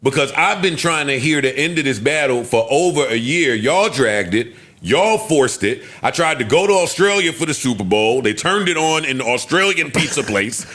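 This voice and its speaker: A man co-hosting a podcast, talking in casual, playful banter and telling lively stories. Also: mid-range voice, normal speed. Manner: animated, playful storytelling. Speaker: podcast co-host.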